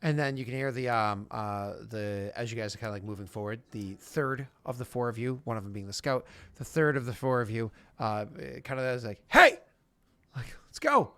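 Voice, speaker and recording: A man's voice: mid-range voice, fairly quick, hardly any pauses, clear, resonant tone, no room sound. A man narrating a tabletop game as game master, in a loose, chatty way full of fillers. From United States.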